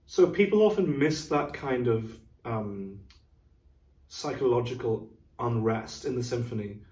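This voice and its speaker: A middle-aged orchestra music director walks through a program in a casual, reflective conversation, now and then singing rhythms. His mid-range, slightly mellow voice moves a little slowly and is captured far from the mic in a roomy space.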